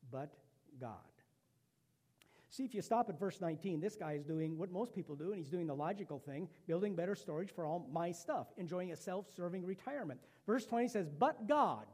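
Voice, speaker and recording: A middle-aged male pastor preaching a sermon in a church, emphatic, with loud punches and hushed asides. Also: a little high. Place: church sanctuary. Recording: long hall reverb.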